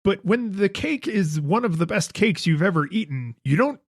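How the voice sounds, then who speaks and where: Wry, emphatic man in his thirties trading stories on a podcast and quick to laugh. His voice sits slightly high and comes through a dry, close mic. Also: expressive, no echo. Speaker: podcast co-host. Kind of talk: casual chat.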